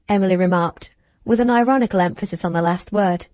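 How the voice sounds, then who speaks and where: This audiobook of a classic novel is read by a woman whose voice sits fairly low. Her narration is measured and even, and the recording has no echo.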